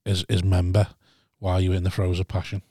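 A man's voice: low-pitched, completely flat delivery, fast talker, dark tone, dry recording, clean studio sound. A man with a Northern English accent, co-hosting a podcast with self-mocking, crude chat. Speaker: podcast co-host. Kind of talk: casual banter.

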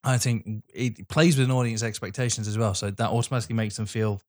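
Relaxed man co-hosting a chat. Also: lowish voice, fast talker. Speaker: podcast co-host. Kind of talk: casual chat.

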